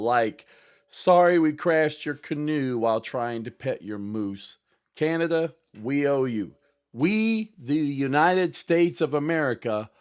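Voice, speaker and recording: A man hosting a podcast, delivering a scripted satirical monologue with theatrical pauses. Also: on the high side. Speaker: podcast host.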